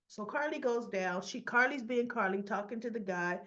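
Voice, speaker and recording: A woman's voice: mid-range voice, moderate pace, a bit bright, dull audio. A woman chatting through a casual soap opera episode recap, acting out the characters' lines as she goes.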